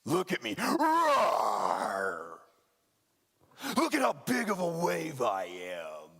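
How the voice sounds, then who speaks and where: A preacher putting on a roaring, boastful wave. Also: male voice, fairly high pitch, huge pitch swings, extremely slow, gravelly, husky, long reverb tail, heavily acted. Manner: blustering, shouting and roaring.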